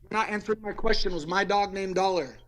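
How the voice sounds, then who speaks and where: A man's voice: high-pitched, fast, fairly bright tone, dry recording, rough recording. A man in a heated phone argument, accusing and demanding answers, swearing as he presses his questions. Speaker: caller in a recorded confrontation.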